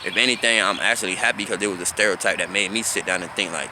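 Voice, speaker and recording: A man's voice: sits low, steady tone, fast, hardly any pauses, noisy background. A man in his thirties from South Florida, telling a casual story about his teenage years in a loose, conversational way and often asking "you feel me?". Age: 30s. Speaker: vlogger.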